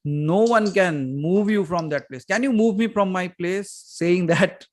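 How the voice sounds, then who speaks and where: A man with a high-sitting voice speaks at a measured pace as a spiritual teacher answering questions in a call session. He tells stories in an animated way, peppering them with rhetorical questions.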